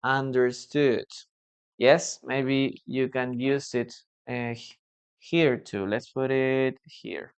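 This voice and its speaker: In a live online lesson, an English teacher with a smooth, steady, mid-range voice takes it slowly, reading out student sentences and patiently correcting them. She or he tends to end points with a questioning "no?".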